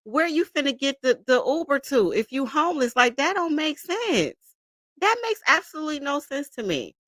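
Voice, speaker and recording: A woman's voice: sits high, big pitch swings, moderate pace, a bit bright, no room sound, clean studio sound. A woman hosting casual commentary, talking in slang and laughing often as she reacts to a video. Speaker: commentary channel host.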